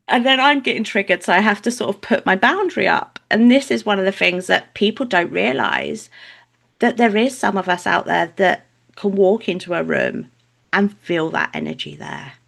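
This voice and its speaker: A middle-aged woman guesting on a spiritual podcast, telling lively stories and acting out quotes in a higher voice. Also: moderate pace, vocal fry.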